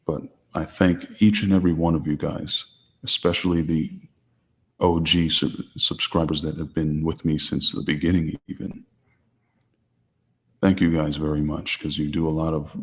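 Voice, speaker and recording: A man hosting his channel, answering viewer questions in a calm, deliberately quiet, restrained way. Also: rumbling low, big-room sound. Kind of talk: low-key livestream chat.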